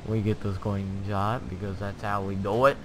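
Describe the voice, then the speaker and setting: A young man hosting a casual let's-play, chatty and excitable, with lots of fillers and little laughs to himself, keyboard clicks behind. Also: fairly low pitch, normal speed, a little hiss or hum. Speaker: gameplay channel host. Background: keyboard typing and clicking.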